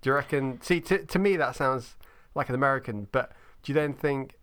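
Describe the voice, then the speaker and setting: A man co-hosting a casual podcast, chatty and quick to laugh. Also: medium pitch, fairly bright tone. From Britain. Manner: chatty, laughing, slips into joke accents. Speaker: podcast co-host. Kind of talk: casual chat.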